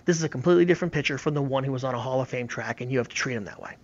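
A man's voice: mid-range voice, very fast, muffled recording. A man giving emphatic, opinionated baseball analysis in casual sports talk, often repeating words as he talks.

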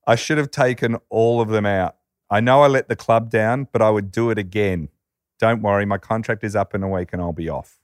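A man retelling a smooth-talking footballer's plea. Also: fairly low pitch, a little fast, no echo, clean studio sound, close to an everyday voice. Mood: earnest. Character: scheming smooth-talking male footballer pleading.

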